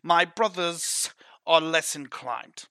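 A man's voice: on the high side, slow, pushed and bright, no echo, pitched above the performer's own voice. A man voicing a bold, scheming smuggler who talks in a flowery, persuasive way. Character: smooth-talking male smuggler, bold and scheming.

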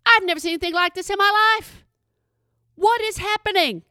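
A woman's voice: very high voice, a little fast, sharp tone, dry recording, clean studio sound. A woman from Texas with a Texan accent, telling a chatty story and asking again and again if you hear her. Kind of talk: storytelling monologue.

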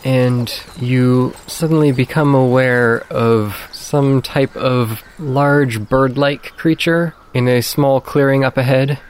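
A man narrating a tabletop game as game master, describing scenes in a calm, matter-of-fact way. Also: medium pitch, takes it slowly, few pauses, clean tone.

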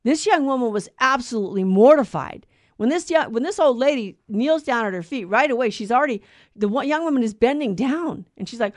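A woman co-host teaches about faith in a conversational way. She tells stories earnestly and acts out the voices she quotes. Her voice sits a little high, and the recording is dry and close. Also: lively intonation, brisk, a little mellow, dry recording. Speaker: co-host of a Catholic talk show.

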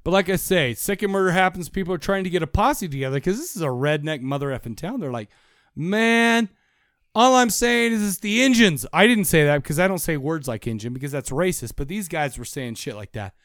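A man's voice: fairly high pitch, animated, fast talker, few pauses, dry recording, studio quality. A man co-hosting a podcast, chatting casually about a movie in a rambling, profane way and laughing often. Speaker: podcast co-host. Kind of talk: casual chat.

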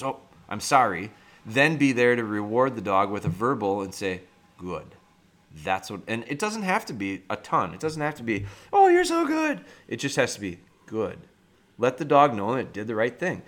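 A man's voice: medium pitch, fairly bright tone. A man hosting a podcast, explaining dog training step by step in a plain-spoken, practical way. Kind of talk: instructional podcast talk.

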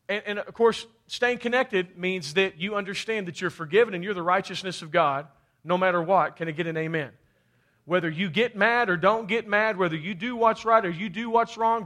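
A man's voice: sits high, sharp tone. A man from Kentucky preaching a fervent sermon, often calling out for amens. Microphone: handheld or head mic.

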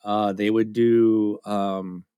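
A man's voice: fairly low pitch, flat delivery, extremely slow, mellow, clear, resonant tone, no echo, dull audio. A man co-hosting a podcast in casual chat, talking candidly and self-deprecatingly, rambling with restarts. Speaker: podcast co-host.

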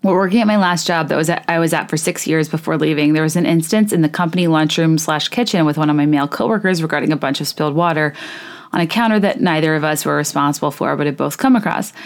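A woman's voice: sits low, fast. A woman hosting a casual podcast, reading listener stories aloud and reacting candidly and indignantly, with many "like" fillers.

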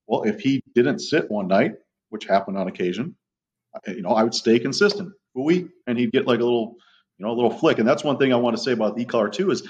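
A man's voice: medium pitch, animated, fast, darkish tone. A middle-aged man, a dog trainer, chatting as a podcast guest, rambling through stories and swearing casually. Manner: rambling storyteller, casual profanity. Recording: muffled lo-fi audio.

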